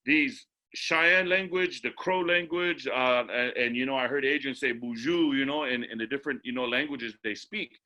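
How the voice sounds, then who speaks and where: A man moderating a video-call webinar in a relaxed, rambling way, full of fillers and repeated words. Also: mid-range voice, normal speed, few pauses, lo-fi sound. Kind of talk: casual moderating with many fillers.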